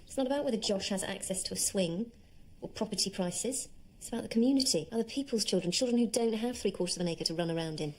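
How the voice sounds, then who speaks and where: A woman's voice: medium pitch, quick pace, close to an everyday voice, rough recording. An actress playing a principled wife and mother who scolds her husband. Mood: indignant. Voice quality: reproachful. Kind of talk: TV drama acting.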